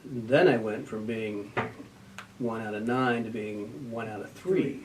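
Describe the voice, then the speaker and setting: An older man, a retiring judge, answering an interview question in a measured, thoughtful way, with frequent pauses and fillers. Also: fairly low pitch. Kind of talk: news interview. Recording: distant mic with faint noise.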